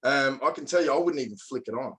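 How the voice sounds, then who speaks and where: Fast-talking blunt Australian man. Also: mid-range voice, fairly bright tone, low-quality recording. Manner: blunt, matey, emphatic. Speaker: podcast co-host. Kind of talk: casual podcast chat.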